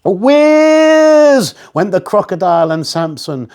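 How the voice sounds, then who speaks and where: A male storyteller reading a children's tale with a very lively, sing-song delivery that rises and falls all over the place. He takes his time, slow and deliberate, giving every line plenty of room. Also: high-pitched, clean tone. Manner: animated, expressive reading.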